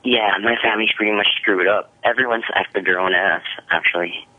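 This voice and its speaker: A man's voice: fairly low pitch, fairly even intonation, brisk. A man from the Philippines calling an advice show, weary and matter-of-fact about his family's trouble. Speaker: caller. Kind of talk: phone call to an advice show. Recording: tinny phone line.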